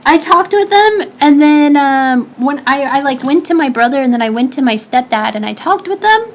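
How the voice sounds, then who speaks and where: Young female streamer, high-pitched, chatty and giggly, rambles through viewer questions with frequent restarts. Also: animated, moderate pace. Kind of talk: casual stream chat reading viewer questions.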